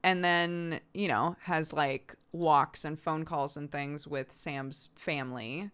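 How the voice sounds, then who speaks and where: A woman's voice: sits low, steady tone, slow, fairly bright tone, clean tone. A woman streaming from home, chatting casually with lots of "like" fillers and frequent laughs. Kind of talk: casual chat.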